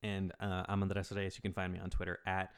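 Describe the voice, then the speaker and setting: A man's voice: low-pitched, monotone, fairly quick, clear, resonant tone. A man co-hosting a film podcast in casual chat, wry and emphatic, swearing for effect. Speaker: podcast co-host and film critic.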